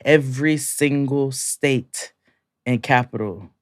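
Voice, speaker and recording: A man's voice: mid-range voice, slow pace, no room sound, clean studio sound. A man co-hosting a podcast, telling stories in casual chat and laughing often through them. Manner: storytelling, laughing often through his own anecdotes. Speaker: podcast co-host.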